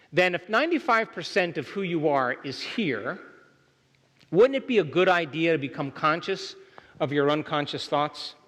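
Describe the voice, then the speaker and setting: A workshop speaker, his slightly bright voice sitting fairly high for a man, gives an emphatic motivational lecture. He keeps checking in with his live audience, and the sound carries the long reverb of a large hall.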